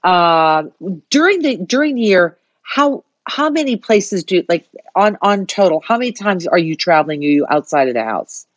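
Chatty woman host with a lower voice. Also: expressive, moderate pace, no echo. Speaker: interview host. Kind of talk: casual interview chat.

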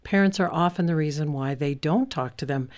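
A woman's voice: low-pitched, brisk, darkish tone. A woman guest on a parenting talk show, telling stories and acting out what parents say. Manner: tells stories, acts out parent and child lines. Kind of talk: interview conversation.

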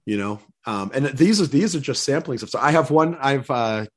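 Older male guest, earnest storyteller, stumbles into sentences, mid-pitched. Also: expressive, moderate pace. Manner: earnest storyteller, repeats words when starting sentences. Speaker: guest speaker. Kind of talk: casual interview chat.

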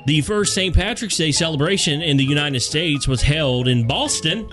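A man co-hosting a podcast, his voice swinging up and down as he trades jokes and reads out fun facts with a playful stretch on his words. Music plays softly underneath. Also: on the high side, lively intonation. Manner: jokey, playful, drawn-out emphasis. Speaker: podcast co-host presenting the segment. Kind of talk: casual banter reading fun facts.

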